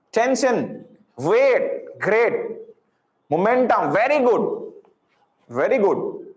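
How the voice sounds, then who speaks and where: A man with an Indian English accent teaching physics in a live online class, encouraging and full of repeated praise, dropping into Hindi. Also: sits high. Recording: roomy echo.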